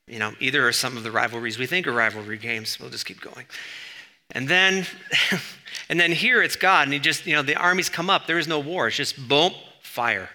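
A man's voice: mid-range voice, moderate pace, bright, forceful tone. A man preaching a sermon, teaching in a conversational way with sudden bursts of emphasis. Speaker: pastor.

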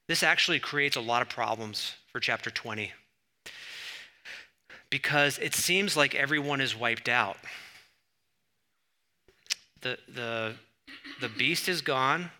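A man preaching a sermon, conversational with asides, and rising loud when he reads scripture. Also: mid-range voice, clear, resonant tone. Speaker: pastor.

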